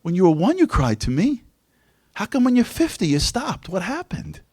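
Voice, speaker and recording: A man's voice: sits high, wildly swooping pitch, normal speed, darkish tone, breathy edge, dry recording, studio quality, pitched above the performer's own voice, full character voice. A man voicing God as a loving, exasperated parent who pleads with rising emphasis. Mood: pleading.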